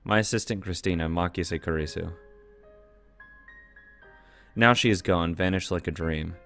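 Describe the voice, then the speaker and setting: A man's voice: low voice, a little slow, fairly bright tone, soft background music. A man reading a visual novel's narration aloud, breaking off now and then to swear and react to the story.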